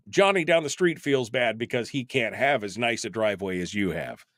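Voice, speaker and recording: A man's voice: mid-range voice, lively intonation, moderate pace, few pauses, a bit bright, no echo, clean studio sound. A man in his fifties hosting a talk radio show, delivering a wry, exasperated, rambling monologue full of asides. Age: 50s.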